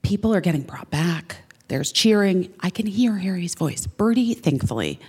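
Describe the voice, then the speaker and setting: A woman's voice: fairly low pitch, sing-song, moderate pace, a little mellow, breathy edge. A woman in her forties hosting a podcast, telling a story in casual chat, laughing, swearing freely and acting out what people said. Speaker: podcast host.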